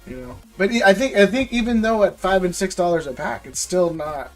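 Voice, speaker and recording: A man's voice: sits high, animated, a little fast, faint music behind. Rambling man on a livestream. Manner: rambling, repeats words, ranting. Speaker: live stream host opening card packs. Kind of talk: casual livestream chat.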